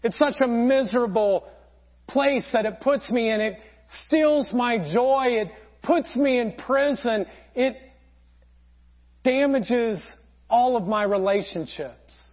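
A man voicing a troubled woman unsure she can let go, speaking in a high voice. She pleads slowly and hesitantly. The sound is dull and lo-fi. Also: heavily acted. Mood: pleading. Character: troubled woman clinging to bitterness.

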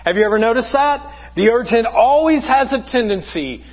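A man's voice: very high-pitched, lively intonation, moderate pace, big-room sound, muffled recording. A man preaching a conversational sermon as pastor, asking the congregation rhetorical questions. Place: church sanctuary.

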